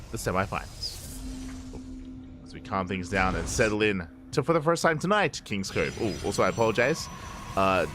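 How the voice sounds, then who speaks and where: A man casting a live strategy game match as host, upbeat and playful, with quick self-corrections and jokey asides. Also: lowish voice, background noise. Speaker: esports caster.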